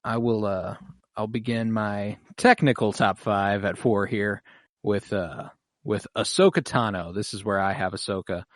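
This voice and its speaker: A man's voice: on the low side, fairly even intonation, measured pace, dry recording. Male podcast co-host, keen fan energy, dry close sound. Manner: enthusiastic, gushing. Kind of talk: casual fan chat.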